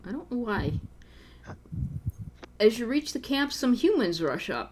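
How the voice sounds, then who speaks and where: A woman's voice: on the high side, sing-song, unhurried, pauses often, noisy background. A woman acting as game master, reading a gamebook aloud to friends and cutting in with sarcastic, exasperated asides.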